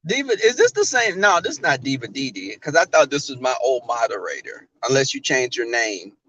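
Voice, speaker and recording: A man's voice: mid-range voice, very animated, fairly quick, pushed and bright, muffled recording. A man vlogging while driving, chatting sassily and directly to his viewers on a casual livestream. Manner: chatty, sassy, talks straight to viewers. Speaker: YouTuber.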